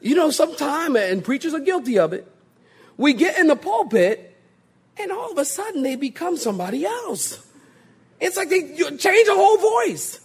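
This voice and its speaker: A man's voice: extremely high pitch, moderate pace. A male pastor preaching a sermon, joking and slipping into mock voices to make his point. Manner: humorous, animated, mimics voices for laughs.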